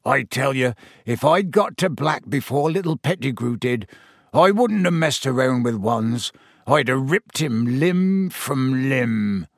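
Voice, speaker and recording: A man voicing a huge, hot-tempered male groundskeeper in a storybook reading, gruff and growling. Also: on the high side, animated, fairly bright tone, no echo, studio quality, full character voice. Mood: furious. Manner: gruff, growling, slow delivery.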